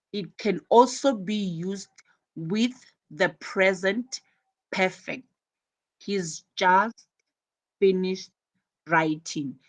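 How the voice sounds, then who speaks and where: A woman teaching English at a slow, unhurried pace. Her pitch sits in a mid range, and she explains deliberately and patiently, modeling and repeating each example phrase. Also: fairly bright tone. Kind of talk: online English lesson.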